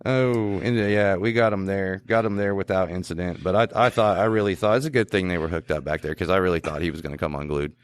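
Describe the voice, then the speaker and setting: Deep-voiced man telling police stories. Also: fast talker, few pauses, no echo. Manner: laughing, animated anecdotes with quoted voices. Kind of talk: casual podcast storytelling.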